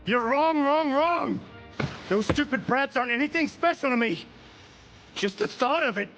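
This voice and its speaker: A man voicing an embittered, violent young male criminal in an anime dub, shouting in anguish and defiance. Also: very high voice, expressive, moderate pace, dull audio, soft background music, heavily acted. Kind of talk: English anime dub acting.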